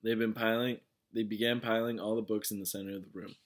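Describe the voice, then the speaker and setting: Man, low voice, casual read-aloud, small slips and restarts. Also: little pitch movement, fast talker. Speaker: reader of a novel.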